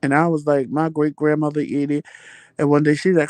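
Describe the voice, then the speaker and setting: Man hosting a loose live chat, slightly high voice, dry close sound, swears freely, animated storyteller. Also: a little fast, dry recording. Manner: animated, profane, laughing storyteller. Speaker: livestream chat host. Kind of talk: casual live chat answering viewer comments.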